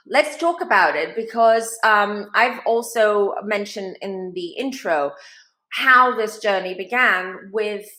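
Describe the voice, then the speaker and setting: A woman hosting an interview who introduces her guest and asks gentle, attentive questions. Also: medium pitch, slow, reverberant. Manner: gentle and attentive, with soft prompts. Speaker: show host.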